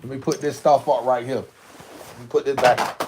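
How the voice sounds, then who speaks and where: A man's voice: mid-range voice, steady tone, moderate pace, background noise. A man chatting casually on a live stream, exclaiming to himself as he goes through jerseys. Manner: drawling, exclaiming to himself while sorting jerseys.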